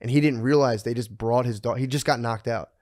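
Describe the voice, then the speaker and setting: A young man co-hosting a podcast, telling profane, animated stories in casual chat and bursting into laughter. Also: mid-range voice, fairly quick. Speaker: podcast co-host.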